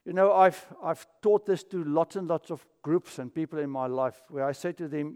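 A man's voice: on the high side, steady tone, moderate pace, hardly any pauses, darkish tone, clean tone, in a large hall. A man from Africa, preaching a sermon as pastor and telling stories. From South Africa. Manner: storytelling, acts out quoted voices.

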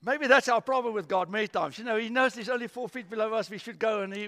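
Animated pastor preaching in a hall. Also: male voice, sits high, quick pace. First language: Afrikaans. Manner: animated storytelling with acted-out voices. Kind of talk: sermon. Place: church.

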